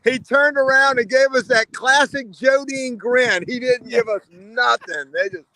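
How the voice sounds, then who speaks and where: Male panelist, very high and bright voice, eager rambling storyteller. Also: measured pace, rough recording. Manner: enthusiastic storyteller with many fillers. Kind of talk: casual roundtable chat.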